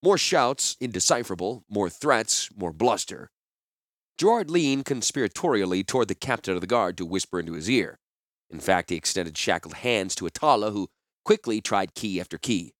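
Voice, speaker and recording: A man narrating a fantasy novel chapter in an expressive storytelling manner. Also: mid-range voice, normal speed, no room sound, clean studio sound. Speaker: audiobook narrator.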